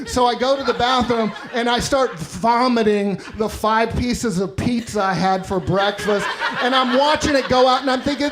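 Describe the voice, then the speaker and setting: A man's voice: very high-pitched, moderate pace. A man doing a stand-up comedy set in a club, telling wry, self-deprecating stories into a handheld mic, recorded live. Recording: noisy live stage recording.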